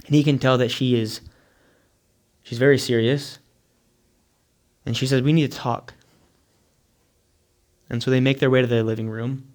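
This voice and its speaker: A man's voice: mid-range voice, flat delivery, normal speed, long pauses. Earnest man telling a moral story. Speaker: speaker. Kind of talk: inspirational sermon storytelling.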